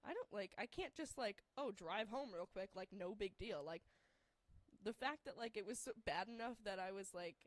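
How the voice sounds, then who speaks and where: A woman's voice: medium pitch, lively intonation, normal speed, no echo. A young woman telling a story casually, rambling and filling her talk with "like". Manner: rambling, heavy use of "like", laughs through the story.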